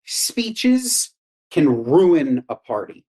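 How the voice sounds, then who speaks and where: A man's voice: big pitch swings, drawn-out words, a little mellow. A man co-hosting a comedy podcast, talking emphatically and breaking into mock rants. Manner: emphatic, mock-ranting, swings pitch widely. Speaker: podcast co-host. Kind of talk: casual comedic chat.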